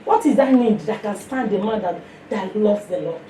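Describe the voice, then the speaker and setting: A woman with a Nigerian accent preaching a sermon to a fellowship, passionate and emphatic, swinging between loud and hushed. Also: mid-range voice, normal speed, echoey room, distant mic, a little hiss or hum.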